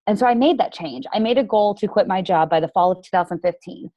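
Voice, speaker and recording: A woman coach leads a motivational team training call in a mid-pitched voice. She is chatty and emphatic, leans on "like" as a filler, and has a sarcastic edge. The sound is dry, with no room echo. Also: fast talker, lo-fi sound.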